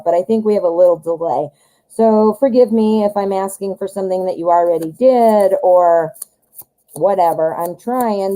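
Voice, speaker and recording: A woman's voice: medium pitch, warm tone, poor audio. A woman hosting a live tarot reading stream, chatting casually and greeting viewers by name.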